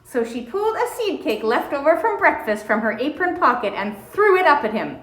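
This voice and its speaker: A woman reading a children's storybook aloud in a gentle, expressive storytelling manner. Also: sits high, fairly quick, reverberant, poor audio. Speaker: audiobook reader. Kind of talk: storybook read-aloud narration.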